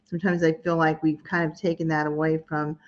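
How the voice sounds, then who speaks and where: A woman's voice: low-pitched, flat delivery, fairly quick, lo-fi sound. An American woman hosting an interview, asking long questions with frequent restarts over a video call. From United States. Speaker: host. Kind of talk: casual interview.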